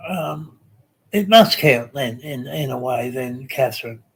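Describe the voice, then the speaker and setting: Slow, rambling Australian man. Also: mid-range voice, lively intonation, breathy edge. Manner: slow, rambling, many ums and restarts. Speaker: live stream host. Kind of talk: casual live chat reading comments.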